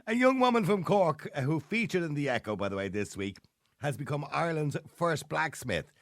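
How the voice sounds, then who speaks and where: A man hosts a radio show in a jokey, teasing way, his pitch swinging up and down as he talks. His voice is dry and close, recorded in a studio. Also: very animated, brisk, no room sound. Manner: jokey, laughs often, teasing. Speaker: radio host. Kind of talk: casual radio chat.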